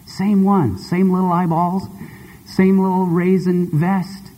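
A male preacher giving a sermon and telling a story in an expressive, conversational way. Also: sits high, takes it slowly. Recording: long hall reverb.

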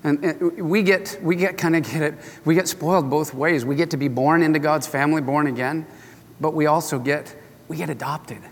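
A man's voice: on the high side, fairly even intonation, normal speed, big-room sound. An older man preaching as a pastor, telling a story in an earnest, conversational way. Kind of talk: sermon with storytelling.

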